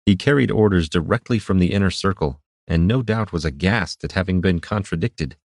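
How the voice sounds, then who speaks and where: A man reading fantasy narration in a steady, measured way. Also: sits low, no echo, clean studio sound. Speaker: audiobook narrator.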